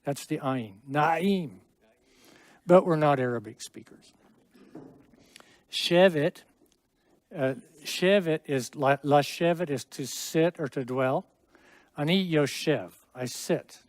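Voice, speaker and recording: A man's voice: fairly high pitch, slow pace, long pauses, no echo. A middle-aged man teaching a Hebrew class in a classroom, explaining at length with friendly asides and small jokes. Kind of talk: classroom lesson.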